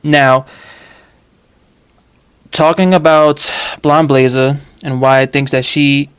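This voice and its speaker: A fairly high-voiced man rants about a game story in a loose, animated way. He swears freely and leans hard on "like" as he works through his frustration. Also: slow, clear, resonant tone. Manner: animated and exasperated, with heavy use of "like" and swearing. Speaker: game commentator. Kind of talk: casual video game reaction rant.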